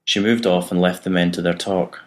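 A man narrating an audiobook in an even, measured reading. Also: low voice.

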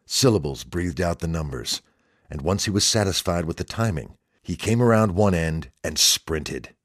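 A man narrating a written story in a steady, measured reading. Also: low-pitched, no room sound, clean studio sound.

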